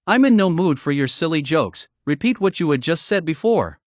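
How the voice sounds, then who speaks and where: A man reading a shouting, excitable professor. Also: a little high, normal speed, no room sound, close to an everyday voice. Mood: demanding. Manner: loud, insistent demands. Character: excitable shouting middle-aged male professor.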